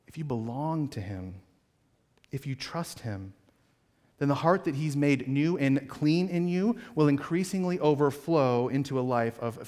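A man delivering a sermon from the pulpit of a church sanctuary, his fairly high voice carrying a long hall reverb. He preaches earnestly and turns to ask his listeners pointed questions. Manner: earnest, asks the congregation direct questions. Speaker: pastor.

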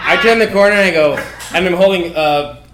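A man's voice: high-pitched, fairly quick, reverberant, very noisy. A man playing a character in a tabletop game podcast, playful and jokey. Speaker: player. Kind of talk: casual tabletop game play.

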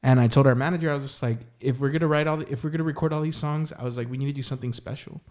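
Young guy, singer guest, rambly storytelling, lots of likes and you knows, mid pitch. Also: fairly even intonation, racing, darkish tone. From San Antonio, Texas. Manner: rambling, heavy use of "like" and "you know". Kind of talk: casual storytelling.

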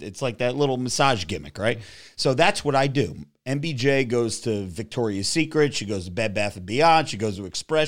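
A man from New Jersey holds the mic on a crude podcast, telling stories in loud, profane bursts. His pitch climbs and dips all over the place as he works himself up. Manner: loud, profane, swaggering storyteller. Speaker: podcast host. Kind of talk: crude casual podcast banter.

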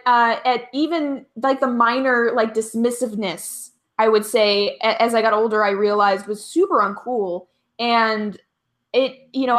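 A woman's voice: a little high, fairly bright tone. A woman co-hosting a podcast, talking through her views in a thoughtful, self-deprecating way with frequent restarts. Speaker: podcast co-host. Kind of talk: casual reflective chat.

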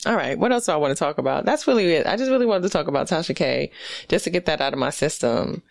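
A woman from the US East Coast hosting a casual solo podcast, riffing in an animated, profane, sarcastic way. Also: deep voice, fast, gravelly, no room sound, clean studio sound. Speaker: podcast host.

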